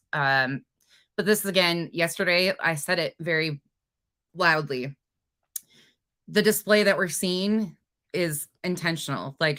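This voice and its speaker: Woman, livestream host, lowish voice, bright forceful tone, chatty, energetic. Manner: chatty, greets viewers and reads their comments aloud; energetic and expressive. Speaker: true crime livestream host. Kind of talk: casual livestream chat.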